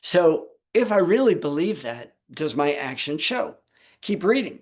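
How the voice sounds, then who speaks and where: A man's voice: fairly high pitch, big pitch swings, unhurried. A man teaching the Bible on a Sabbath video call, posing rhetorical questions to his listeners.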